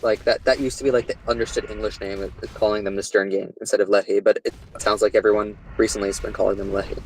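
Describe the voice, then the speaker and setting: A man in a casual group discussion, making measured arguments. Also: on the low side, little pitch movement, a little hiss or hum, poor audio. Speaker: panelist.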